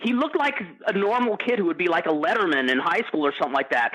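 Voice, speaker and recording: Male storyteller, high-ish bright voice, very animated; laughs at his own tales. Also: fast talker, poor audio. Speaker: podcast roundtable guest. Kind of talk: casual chat.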